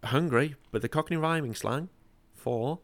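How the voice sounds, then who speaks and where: A man from northern England hosts a casual podcast chat, self-deprecating and full of ums. His medium-pitched voice moves unhurriedly, and the recording has no echo.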